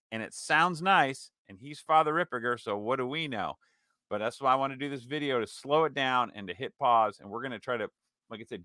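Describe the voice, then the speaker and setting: A man commenting on a recorded lecture, pausing it to argue and rebut point by point. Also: medium pitch, pushed and bright, no room sound, clean studio sound. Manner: argumentative, interjecting, pausing and rebutting. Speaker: commentator reacting to a clip. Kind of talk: casual commentary.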